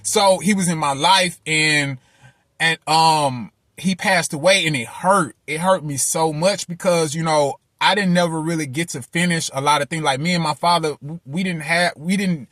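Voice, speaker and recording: A man giving a heartfelt motivational monologue, repeating himself and tossing in "man" and "you know what I'm saying" as he turns loud and preachy. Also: on the high side, moderate pace, no echo, clean studio sound. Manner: grows loud and impassioned, preaching. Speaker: motivational speaker.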